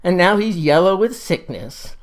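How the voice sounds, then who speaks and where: A smooth-talking country churchman with a polite, persuasive drawl, as a storyteller puts him on. He keeps his manners courteous while steering every exchange his way, pitched a little above the narration. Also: expressive, moderate pace, natural voice. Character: sly folksy Baptist country man.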